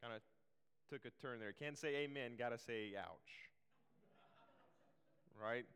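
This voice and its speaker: A man's voice: mid-range voice, a little slow, a bit bright, clean tone, big-room sound. A man preaching a sermon in a casual, chatty way, full of fillers and restarts.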